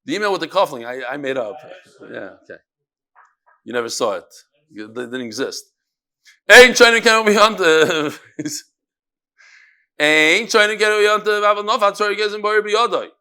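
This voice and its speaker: Lively bright-voiced man teaching Talmud. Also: sits high. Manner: lively, joking asides mixed with fast Talmud reading. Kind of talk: daily Talmud class.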